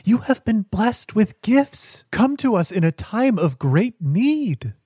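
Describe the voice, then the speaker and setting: Guy doing a reverent priestess lady, super earnest, kinda higher voice, dry sound. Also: sing-song, slow pace, darkish tone, slightly rough, dry recording, full character voice. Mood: fervent. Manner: reverent, fervent. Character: devout earnest woman priest, pleading.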